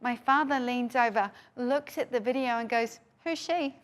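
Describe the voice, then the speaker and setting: A woman's voice: on the high side, steady tone, normal speed, background noise. A middle-aged woman with a New Zealand accent gives an emphatic motivational conference talk from a stage, repeating her key phrases. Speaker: keynote speaker. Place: conference stage before a live audience.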